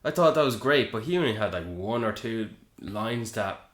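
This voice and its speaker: A man co-hosting a casual film review podcast, rambling with animated jumps in pitch and plenty of restarts. His voice sits a little low. The room adds a noticeable echo. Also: normal speed. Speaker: podcast co-host. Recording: roomy echo.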